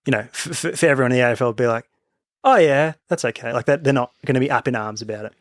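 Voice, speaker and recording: A man's voice: medium pitch, racing, no room sound, studio quality. An Australian man co-hosting a casual podcast, joking around and leading the talk with questions. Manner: jokey, leads with questions, many fillers. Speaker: podcast co-host. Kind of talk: casual chat.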